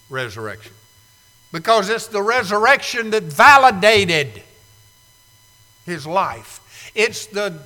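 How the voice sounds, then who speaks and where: Male preacher, high-pitched and very bright, emphatic, dramatic loud-to-hushed delivery. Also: in a large hall, poor audio. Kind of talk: sermon. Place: church sanctuary.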